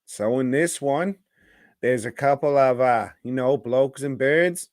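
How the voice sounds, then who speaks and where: Slow, rambling male podcast co-host. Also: medium pitch, a little mellow, no room sound, studio quality. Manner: rambling, joking, drops "mate" and "blokes and birds" slang. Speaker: podcast co-host reviewing movies. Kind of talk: casual, profane movie-review banter.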